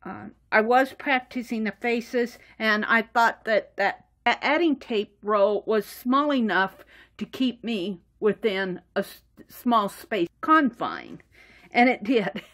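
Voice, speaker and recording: Lady chatting through her art journal, a bit high voice, laughs a lot. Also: expressive, slow pace, a bit bright. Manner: chatty, laughs often, acts out little dialogues. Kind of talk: casual show-and-tell narration.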